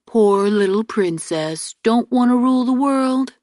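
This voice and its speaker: A woman's voice: medium pitch, expressive, normal speed, no echo, natural voice. Female reader as a cheeky young prince who teases his sister; light touch, dry close mic. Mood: teasing. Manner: teasing, amused. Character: teasing young prince, her twin brother.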